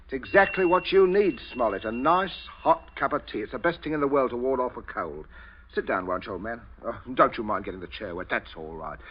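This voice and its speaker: A chuckling, menacing middle-aged father, gives orders with smooth good cheer and a lively, swooping voice. He sounds like a 1940s radio drama heard through a dull old broadcast. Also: medium pitch, a little fast. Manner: chuckling, calmly commanding.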